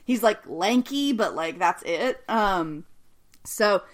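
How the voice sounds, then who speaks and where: A woman podcast co-host speaks slowly in an animated, medium-pitched voice. She laughs a lot and swears often while casually recapping a TV episode.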